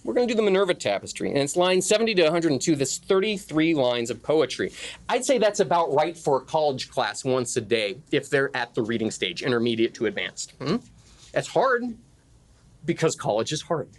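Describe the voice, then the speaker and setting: Man, classroom lecture, very lively pitch, joking, chants the meter aloud, conference session. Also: a little fast. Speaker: Latin teacher giving a conference session.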